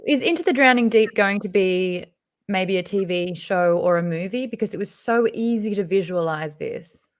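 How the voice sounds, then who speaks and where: A woman's voice: mid-range voice, moderate pace, clean tone. A woman hosting a book club interview, chatty and enthusiastic, often laughing. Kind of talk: casual video interview hosting.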